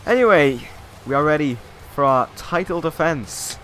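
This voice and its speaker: A man's voice: on the high side, animated, moderate pace, a bit bright, slight background noise. A man giving casual, joking play-by-play commentary on a wrestling video game, slipping into mock announcer phrasing.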